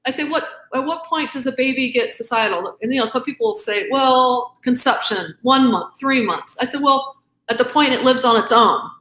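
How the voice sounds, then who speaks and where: A woman's voice: sits high, moderate pace, a bit bright, roomy sound. A middle-aged woman giving an impassioned interview as a guest author, earnest and emphatic, acting out both sides of arguments. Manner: earnest, emphatic, quotes arguments back and forth.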